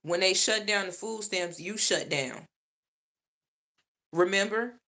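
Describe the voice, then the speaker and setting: A woman's voice: mid-range voice, unhurried, pushed and bright. A woman vlogger in a casual monologue, talking straight to her viewers and repeating points for emphasis.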